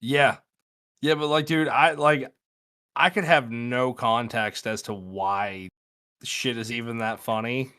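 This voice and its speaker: Excitable podcast guy, loud and swearing, just chatting with his buddy. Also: mid-range voice, takes it slowly, clear, resonant tone. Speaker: podcast co-host. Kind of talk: casual chat.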